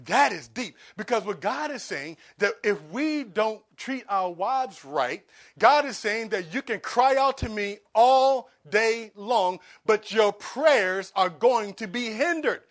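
A man preaching a sermon as pastor, swinging between quiet asides and loud, pleading emphasis. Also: high voice, animated, takes it slowly.

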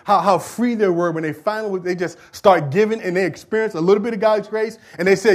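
This sermon comes from a middle-aged pastor in church, whose high voice alternates hushed asides with forceful, emphatic proclamations. He talks fairly quickly and hardly pauses.

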